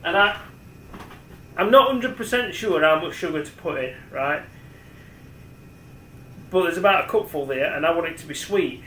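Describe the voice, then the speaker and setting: Brief: man, forties, slightly high voice, rambling home cooking demo, echoey kitchen with a faint hum. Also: moderate pace, pauses often, a bit bright. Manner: rambling, chatty, talks to the camera as he works. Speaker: home cook. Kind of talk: casual cooking demonstration.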